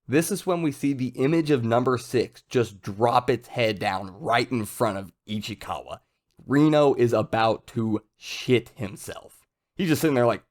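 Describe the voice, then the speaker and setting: A man's voice: mid-range voice, unhurried. A young man talking casually and enthusiastically as he reviews a manga chapter. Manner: enthusiastic, conversational, loud jumps when excited.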